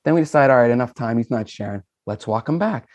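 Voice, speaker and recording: A middle-aged former principal from Boston, with a Boston accent, tells folksy stories as a guest in a podcast interview. He's animated and talks fast in a medium-pitched voice, and the recording is dry and dull.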